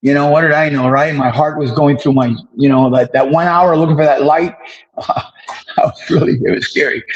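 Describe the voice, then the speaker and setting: Animated older man telling stories. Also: fairly high pitch, moderate pace, muffled recording. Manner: animated storyteller who acts out dialogue. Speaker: interview guest telling his past. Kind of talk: casual storytelling interview.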